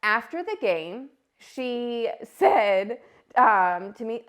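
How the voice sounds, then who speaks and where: Brief: woman in her thirties, podcast host, casual animated storytelling, slightly high voice. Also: drawn-out words. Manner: animated, acts out quoted voices.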